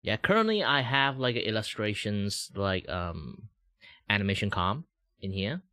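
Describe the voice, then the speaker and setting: A young Malaysian man with a fairly low voice that keeps leaping between highs and lows. His English carries a slight British lilt and he drags out his words. The sound is close and dry, with no room around it. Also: lively intonation, a little slow, sharp tone, no room sound. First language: Mandarin. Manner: rambling, jumps between high and low pitch. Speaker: VTuber streamer. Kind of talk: casual livestream chat.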